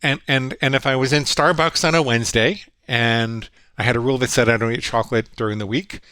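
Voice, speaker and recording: A man's voice: mid-range voice, fairly even intonation, a little fast, sharp tone, clean tone, no echo. Middle-aged male guest psychologist, earnest and reflective, dry close sound. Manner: earnest, reflective, quotes his own inner voices. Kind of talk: storytelling conversation.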